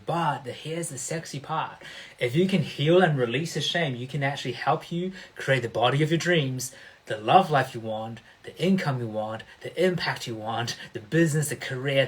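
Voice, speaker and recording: A man's voice: mid-range voice, a bit bright. A man hosting a motivational livestream as a coach, speaking emphatically and often checking in with his listeners.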